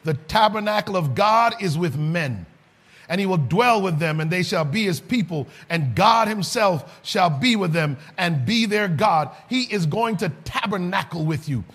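Male preacher, high husky voice, sermon delivery with shouted, sing-song peaks. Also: animated, moderate pace.

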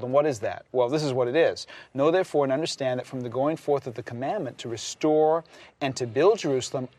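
A man earnestly explaining scripture passages to a small group in an emphatic, expository way. His voice sits a little high. The recording is dry. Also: dry recording. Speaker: Bible teacher. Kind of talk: Bible study discussion.

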